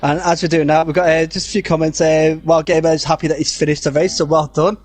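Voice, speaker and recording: A man giving casual live commentary on an online racing league, chatty and halting with many fillers. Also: fairly high pitch, little pitch movement.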